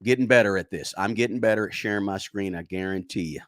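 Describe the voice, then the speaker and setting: A man's voice: fairly low pitch, quick pace, a bit bright, dry recording, studio quality. A man hosting a live finance stream, talking casually and directly to his viewers and often repeating himself. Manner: chatty, talks straight to viewers, repeats himself. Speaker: finance livestream host. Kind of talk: casual livestream chat.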